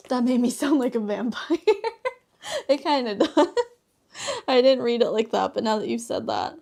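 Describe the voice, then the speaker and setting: A woman's voice: on the high side, animated, a little slow, creaky, darkish tone. A young woman streaming a crafting session, chatting casually, laughing often and acting out conversations as she tells stories. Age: young adult. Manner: chatty, laughs often, acts out dialogue in storytelling. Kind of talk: casual chat while crafting.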